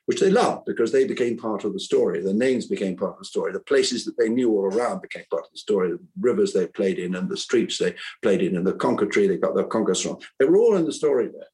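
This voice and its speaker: A man's voice: lowish voice, expressive, fast talker, few pauses, warm tone, poor audio. An older man, an author who once taught school, talks reflectively in an interview, earnest and rambling, often restarting his sentences. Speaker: author and former teacher.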